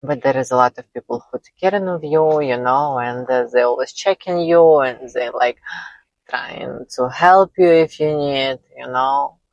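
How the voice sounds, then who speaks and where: A woman tells her own story in careful, non-native English, her low voice slightly gravelly. She speaks slowly and haltingly, often breaking into light laughter between phrases. The sound is close and dry, with no room around it. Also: darkish tone, no room sound, muffled recording. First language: not English. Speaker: vlogger. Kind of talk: personal storytelling.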